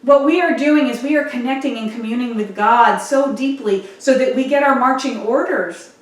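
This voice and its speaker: Woman pastor, higher voice, earnest measured sermon; distant mic, heavy room echo. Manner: earnest, measured preaching with rhetorical questions. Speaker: minister.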